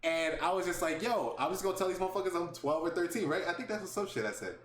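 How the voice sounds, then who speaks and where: A young man hosting a podcast, telling a story in casual chat, animated and laughing, swearing freely. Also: high voice, quick pace. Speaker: podcast host. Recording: echoey room with faint background noise.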